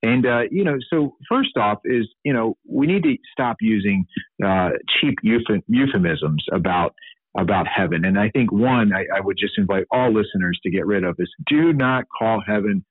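Low, husky man on a phone-like line. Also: animated, normal speed, dry recording. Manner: earnest, many fillers and restarts. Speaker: Catholic podcast host. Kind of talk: unscripted teaching commentary. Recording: dry, phone-like sound.

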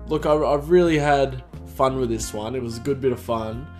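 A man's voice: medium pitch, normal speed, a little mellow, soft background music. Rambling man telling a story. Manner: rambling, full of fillers and restarts. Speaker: podcast host. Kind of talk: casual storytelling.

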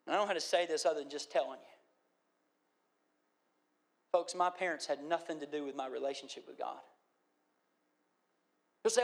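A man preaching a sermon, moving from quiet storytelling to impassioned pleading. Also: on the high side, normal speed, creaky, long pauses. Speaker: pastor.

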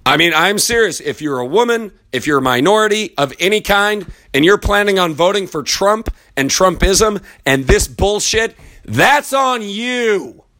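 A man's voice: high voice, animated, normal speed, few pauses, a bit bright. Heated, foul-mouthed man ranting. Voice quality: blunt and heated, swears freely. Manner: rambling aside while searching online. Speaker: political commentator. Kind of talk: profane political rant.

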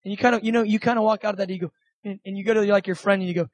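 Male preacher with a high voice; earnest, conversational delivery with repeated phrases; dry sound. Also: fairly even intonation, very fast, dry recording, low-quality recording. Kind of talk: sermon.

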